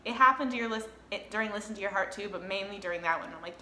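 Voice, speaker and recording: Animated young woman vlogger, bright voice. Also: medium pitch, very fast, echoey room, a little hiss or hum. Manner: animated, swears freely, acts out her own reactions. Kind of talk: casual storytelling to camera.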